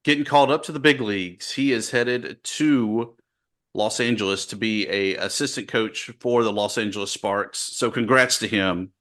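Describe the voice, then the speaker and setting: A man's voice: lowish voice, moderate pace, fairly bright tone. A man co-hosting a casual sports podcast, running through scores and news in a dry, matter-of-fact way. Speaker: podcast co-host.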